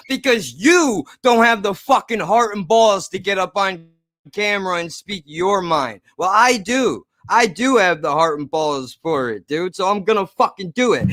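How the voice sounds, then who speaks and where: A man with a noticeably high-pitched voice vents straight to camera in a heated video blog. His talk is profane, sarcastic and combative, and he repeats the same jabs over and over. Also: bright, forceful tone, no room sound, clean studio sound. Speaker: YouTube creator. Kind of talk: angry ranting vlog to camera.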